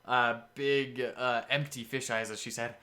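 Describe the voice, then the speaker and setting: A man's voice: mid-range voice, steady tone, a little slow, pushed and bright. A man in casual game-prep talk, describing a scenario as game master with enthusiastic, rambling storytelling.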